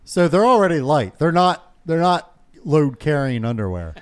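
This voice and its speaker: A man's voice: fairly high pitch, very animated, moderate pace. A man telling a rambling, profane story on a podcast, laughing often as he talks. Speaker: podcast co-host. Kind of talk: casual storytelling among friends.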